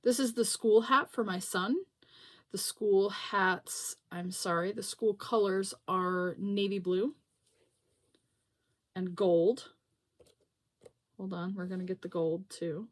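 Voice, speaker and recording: Slow, chatty woman knitting host. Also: mid-range voice, fairly even intonation. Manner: chatty, self-deprecating, laughs often. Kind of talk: casual show-and-tell chat.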